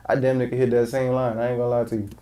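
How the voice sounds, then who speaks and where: A man streaming and reacting live in casual chat, talking in loud, profane slang. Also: mid-range voice, level tone, rapid-fire.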